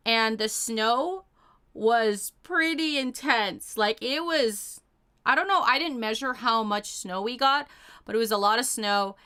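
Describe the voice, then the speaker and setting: Bubbly bright-voiced young woman chatting. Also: a little high, smooth. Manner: bubbly, gushing, lots of "oh my gosh" and "like". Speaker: streamer reading chat. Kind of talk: casual chat.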